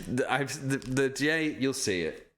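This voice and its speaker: Animated, swearing man chatting on stream. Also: medium pitch, slow. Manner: chatty, self-deprecating, swears often. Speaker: voice actor signing prints on a live stream. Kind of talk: casual live-stream chat.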